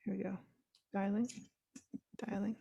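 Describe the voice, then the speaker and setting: A woman hosting a casual podcast chat over a video call, chatty, encouraging and quick to laugh. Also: mid-range voice, level tone, vocal fry, breathy edge, highs cut off. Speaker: podcast host.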